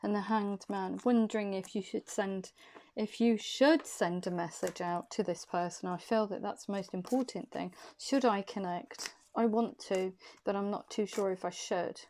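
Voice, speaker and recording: A woman's voice: medium pitch, fairly even intonation, normal speed, darkish tone. Breathless woman giving a tarot reading. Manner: hesitant, repeating questions to her cards. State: short of breath. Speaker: tarot reader.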